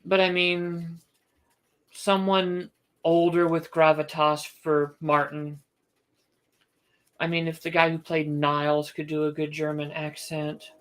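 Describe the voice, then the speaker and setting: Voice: mid-range voice, monotone, takes it slowly, a bit bright, smooth. An author hosting a casual book livestream, thinking aloud with restarts and firm opinions.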